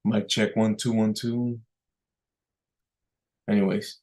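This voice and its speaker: A man hosting a casual talking-head vlog, rambling and halting with many fillers and restarts and often clearing his throat, sometimes pushing hard emphasis into his words. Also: on the low side, flat delivery, a little mellow. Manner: pushes emphasis into words on purpose as speaking practice. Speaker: vlog host.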